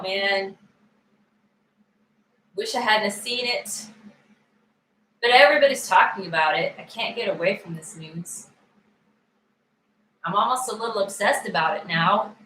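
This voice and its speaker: A woman coaching a guided tapping session, calmly voicing upset feelings aloud for listeners to repeat. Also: mid-range voice, roomy sound, slight background noise, rough recording.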